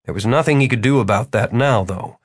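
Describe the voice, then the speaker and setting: A man narrating an audiobook, with expressive storytelling. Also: mid-range voice, fairly quick, breathy edge, dry recording, studio quality. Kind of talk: scripted narration.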